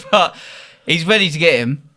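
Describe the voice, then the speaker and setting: A man's voice: on the high side, animated, unhurried, sharp tone. A young man, a podcast host telling a story in a casual, slangy way and laughing often.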